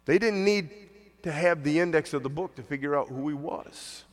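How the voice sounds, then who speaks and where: A man's voice: a little high, moderate pace, long reverb tail, a little hiss or hum. A man preaching a conversational sermon as pastor, now and then acting out the voices of the people he quotes.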